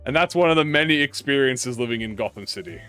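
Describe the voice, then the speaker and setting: Excitable, profane young man telling stories. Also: mid-range voice, quick pace, clear, resonant tone, no echo, soft background music. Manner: profane, excitable, lots of restarts. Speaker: gaming YouTuber. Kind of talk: casual rambling anecdote.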